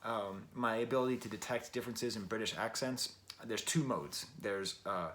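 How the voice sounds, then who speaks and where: A man's voice: fairly low pitch, normal speed, a bit bright. An American man from Western New York giving a casual, rambling album review, often correcting himself mid-sentence and tossing in wry asides. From Western New York, USA.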